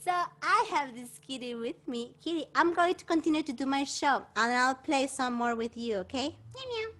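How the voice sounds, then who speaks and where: A woman's voice: high-pitched, normal speed. A woman performer hosting a bilingual children's show, talking playfully to a puppet cat and the young audience. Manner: animated, playful, talks to a puppet. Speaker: children's entertainer.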